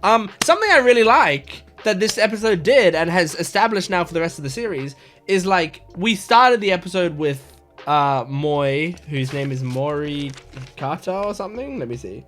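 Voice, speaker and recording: A young man in his twenties chatting in a loose, excitable way, his voice sitting a little high for a man. He trips over his words, restarts sentences and fills pauses with ums. Soft music plays faintly underneath. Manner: chatty and enthusiastic, with many fillers and restarts. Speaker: anime reaction YouTuber. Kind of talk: casual rambling commentary.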